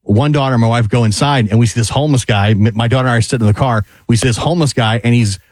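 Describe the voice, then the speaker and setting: Quick-talking radio co-host, dry studio sound. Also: male voice, medium pitch, darkish tone, dry recording. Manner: conversational anecdote telling. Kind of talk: casual talk radio chat.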